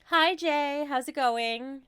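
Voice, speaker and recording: A woman's voice: high voice, slow pace, fairly bright tone, no echo, clean studio sound. A woman in her thirties with a New Jersey accent, chatting casually on a livestream as she answers viewer questions with light laughs. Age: 30s.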